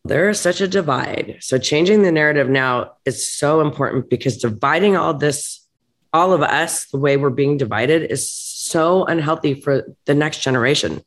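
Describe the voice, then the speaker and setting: A restaurant owner appears as a podcast guest in a candid interview, her voice sitting low at a normal speed. She talks bluntly and emphatically, getting heated and then laughing it off.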